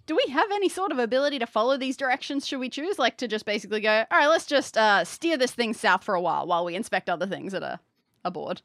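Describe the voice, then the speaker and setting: A woman playing a game as a regular on the show, chatting in a quick-witted, teasing way. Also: a little high, expressive, fairly bright tone, dry recording, clean studio sound. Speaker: player, regular co-host. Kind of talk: casual game chat.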